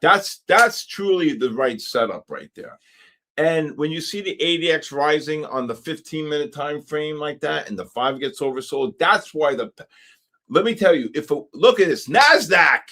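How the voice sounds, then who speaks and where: Male host, fairly high voice, excitable, exclaims and repeats points while reading charts live. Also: moderate pace. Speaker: trading livestream host. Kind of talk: live trading commentary.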